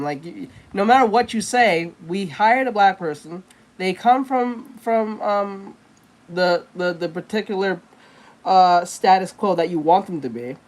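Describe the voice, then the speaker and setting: Woman, artist streamer, casual chat, rambling, blunt, profane. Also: mid-range voice. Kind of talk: casual chat while drawing.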